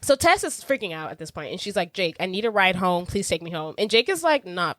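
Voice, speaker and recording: A woman's voice: fairly low pitch, fairly quick, no room sound, studio quality. A woman co-hosting a podcast, casually retelling a movie and adding jokes and reactions. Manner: expressive, chiming in with jokes and reactions. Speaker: podcast co-host. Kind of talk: casual chat recapping a movie.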